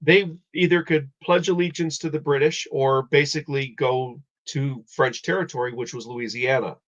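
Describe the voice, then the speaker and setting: A man's voice: medium pitch, steady tone, normal speed, fairly bright tone. A man hosting a live stream, explaining history in a rambling casual way with many restarts. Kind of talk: casual chat. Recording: dull lo-fi audio.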